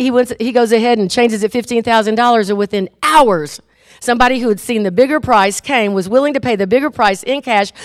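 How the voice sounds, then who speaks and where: Animated woman preaching, dry close sound. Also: mid-range voice, dry recording. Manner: animated storytelling, acts out inner voices. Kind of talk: sermon.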